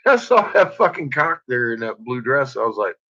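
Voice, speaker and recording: A man's voice: medium pitch, very animated, normal speed, pushed and bright. A man in casual chat who keeps breaking into laughter, with a crude, profane manner. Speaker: podcast host. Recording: dull lo-fi recording.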